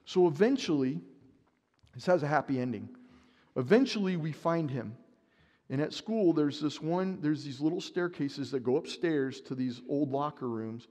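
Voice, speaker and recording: A man's voice: high-pitched, animated, normal speed, a little mellow. A man preaching a sermon, telling a story with animation and acting out his own panic. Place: church sanctuary. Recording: long church reverb.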